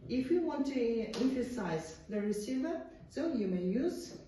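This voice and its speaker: A woman's voice: a little high, lively intonation, a little slow, dark tone, recorded from a distance, a little hiss or hum. A woman teacher with an Uzbek accent giving a classroom lecture, often saying "uh-huh" and checking with students by asking "yes?". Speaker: English teacher. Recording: echoey classroom, voice from across the room.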